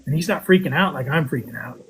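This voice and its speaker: A man casually telling a story on a podcast, animated, with his voice jumping up high when he quotes himself. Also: fast talker, breathy edge, poor audio. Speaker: podcast guest telling a metal detecting story.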